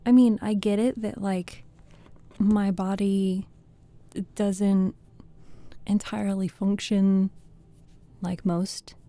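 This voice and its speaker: Slow, dark-toned woman reading softly. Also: mid-range voice, level tone. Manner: soft-spoken, rambling between readings. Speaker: storytelling streamer. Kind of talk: soft bedtime reading and chat.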